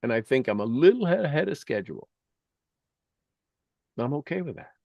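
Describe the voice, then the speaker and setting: A man's voice: mid-range voice, very animated, normal speed, creaky, dry recording, dull audio. A middle-aged man telling rambling, enthusiastic stories as the host of a spoken meditation. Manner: earnest, enthusiastic, rambling storytelling.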